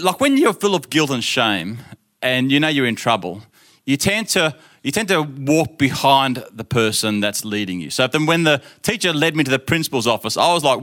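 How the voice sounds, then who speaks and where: A man's voice: medium pitch, a bit bright. A middle-aged man preaching in a casual storytelling style. He acts out the voices of the people in his story and laughs often. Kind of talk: storytelling sermon.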